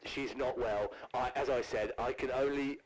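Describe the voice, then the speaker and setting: A man's voice: mid-range voice, steady tone, normal speed, crowd noise, close to an everyday voice, rough recording. A man voicing a tiny, trapped cockney man who rants, swears and calls everyone mate. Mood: aggrieved ranting. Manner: gruff and rough, swears, says mate.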